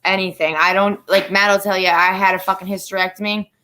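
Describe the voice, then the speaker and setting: A woman's voice: medium pitch, little pitch movement, fast, bright, forceful tone. A woman from Florida hosting a casual chat, talking bluntly and swearing a lot. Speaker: host.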